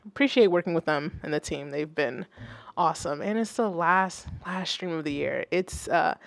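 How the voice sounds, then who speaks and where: A woman's voice: low voice, normal speed, vocal fry, no room sound. Chatty woman hosting a music stream. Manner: chatty, swears freely, swings loud and soft. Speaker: music producer and stream host. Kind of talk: casual livestream chat.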